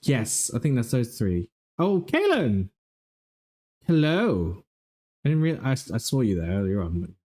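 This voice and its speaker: A man's voice: mid-range voice, huge pitch swings, unhurried, long pauses, a little mellow. A man hosting a casual livestream, telling exasperated, profane stories while reviewing game footage. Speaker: livestream host.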